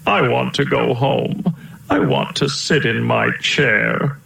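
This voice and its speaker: A man's voice: slow, creaky, pushed and bright, heavily acted. A man voicing an old, wrinkled elephant king who whines and wails in a storybook. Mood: wailing. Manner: high, wailing complaints. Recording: roomy echo.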